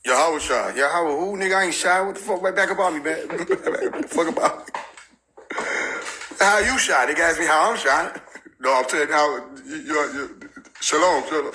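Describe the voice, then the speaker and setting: Male streamer, fairly high and very bright voice, playful and laughing. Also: normal speed. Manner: laughs often, joking and animated. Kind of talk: casual livestream chat.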